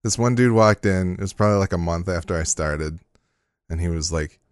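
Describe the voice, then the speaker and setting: A man chatting on a podcast, chiming in with quick jokes. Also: low-pitched, smooth, dry recording, studio quality. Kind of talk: casual chat.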